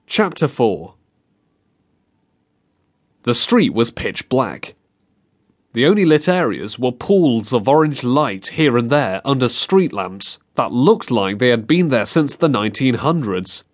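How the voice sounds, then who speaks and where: A man reading a novel aloud as an audiobook narrator, in measured, expressive storytelling. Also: medium pitch. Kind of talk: scripted narration. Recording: dry close studio sound.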